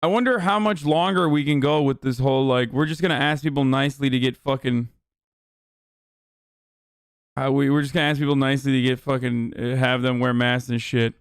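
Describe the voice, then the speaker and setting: A man's voice: medium pitch, fairly even intonation, a little fast, clean tone, dry recording, studio quality. Profane, exasperated young male streamer. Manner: blunt, profane, exasperated ranting. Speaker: streamer and political commentator. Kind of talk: casual livestream commentary.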